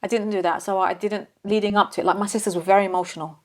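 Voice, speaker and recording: Brief: woman, mid-pitched, chatty, self-deprecating, laughs easily. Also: steady tone, very fast. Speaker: interview guest. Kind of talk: casual conversation.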